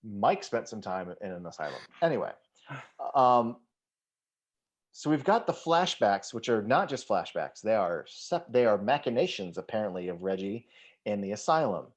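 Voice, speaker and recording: Very animated and on the low side in pitch, this man co-hosts a casual movie podcast at a moderate pace. His rambling thoughts are packed with restarts, filler words and casual cursing.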